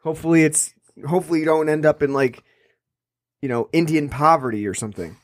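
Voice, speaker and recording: A man with a fairly high, quick voice co-hosts a podcast, chatting casually about a film. The recording is dry and studio-clean, and he rambles, restarting often and leaning on fillers.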